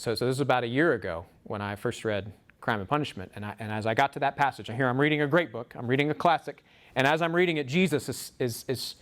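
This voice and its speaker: A man giving a lecture to a small group, animated, acting out quotes from the book. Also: mid-range voice. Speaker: speaker. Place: room with a small audience. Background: audience laughter.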